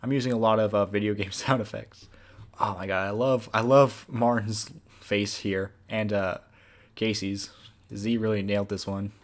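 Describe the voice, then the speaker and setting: Male series creator doing a casual commentary voice-over; somewhat low voice, loose and rambling. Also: steady tone, normal speed, slight background noise. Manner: casual, rambling, with many fillers.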